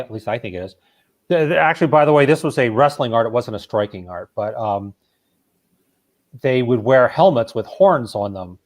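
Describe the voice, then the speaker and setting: A man in a casual chat, relaxed as he reads out viewer comments and shares trivia. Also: mid-range voice.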